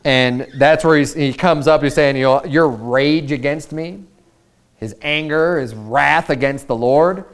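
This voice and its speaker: Clear-voiced preacher man. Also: on the high side, measured pace. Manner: paraphrases scripture in casual speech, with quiet asides and raised Bible readings. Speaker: pastor. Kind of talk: sermon.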